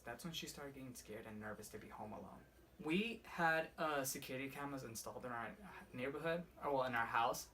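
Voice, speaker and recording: A young man casually rambling through a personal ghost story for his vlog, swearing often and filling every pause with "like". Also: mid-range voice, sharp tone. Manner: rambling, profane, heavy use of "like". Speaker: vlogger. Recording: slightly distant mic with faint room noise.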